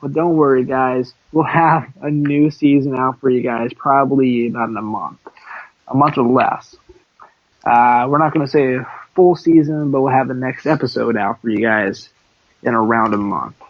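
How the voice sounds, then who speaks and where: A man's voice: mid-range voice, moderate pace, lo-fi sound. A man co-hosting a casual podcast, joking and teasing his friend, rambling with fillers. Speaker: podcast co-host. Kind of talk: casual chat.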